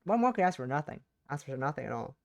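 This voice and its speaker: A woman streaming a game playthrough, reading the text aloud in a lively, casual way and tripping over words. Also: extremely low pitch, racing, creaky, lo-fi sound, a little hiss or hum. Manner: animated, stumbles and rereads words.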